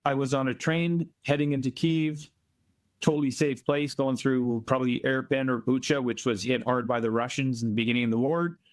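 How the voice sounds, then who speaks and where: A man from Canada, a volunteer being interviewed remotely, telling earnest stories in a plainspoken, emphatic way and slowing down to stress points. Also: mid-range voice, steady tone. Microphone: remote call from abroad.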